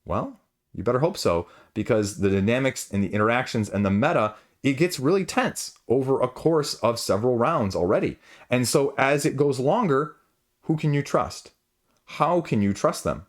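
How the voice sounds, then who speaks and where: Guy talking thru a board game review, chatty, lots of rhetorical questions, mid pitch voice. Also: lively intonation, moderate pace. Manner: conversational, rhetorical questions, asides. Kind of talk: casual spoken review.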